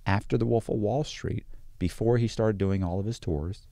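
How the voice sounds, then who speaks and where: Low-voiced guy on a podcast, blunt, dry close sound. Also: normal speed, no room sound. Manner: blunt and animated, acts out quoted voices. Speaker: guest, true crime author. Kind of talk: casual podcast chat.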